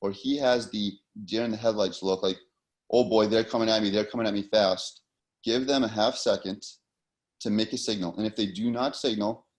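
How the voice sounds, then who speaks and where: A man's voice: fairly low pitch, a little mellow. A man with an American accent teaching linesman positioning in a loose, casual way, with plenty of fillers and repeated words. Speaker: hockey officiating instructor. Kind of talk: instructional talk.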